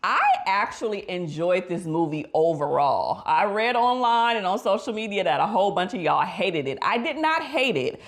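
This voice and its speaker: A woman therapist giving casual movie reaction commentary, expressive and slangy, with her voice leaping up for emphasis. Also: moderate pace, few pauses. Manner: pitch leaps up in emphasis.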